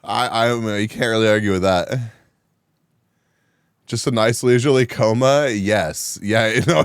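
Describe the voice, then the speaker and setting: A man streaming live, chatting casually with his viewers, animated and quick to laugh, sounding a bit groggy after a nap. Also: fairly low pitch, smooth, dry recording, studio quality. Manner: animated, reactive, laughs often. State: groggy after just waking. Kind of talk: casual chat, reading chat live.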